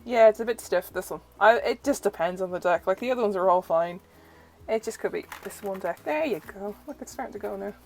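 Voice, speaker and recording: Brisk and medium-pitched, she chats happily through her first impressions of an oracle deck, leaning on "like" and gushing at every turn. The recording is rough, with faint music in the background.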